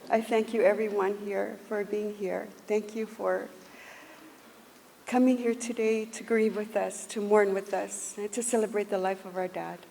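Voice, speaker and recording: A woman giving a funeral tribute to her father at a church service, speaking in measured, emotional phrases. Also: medium pitch, flat delivery, gravelly, warm tone. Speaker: eulogy speaker. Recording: echoey hall with faint noise.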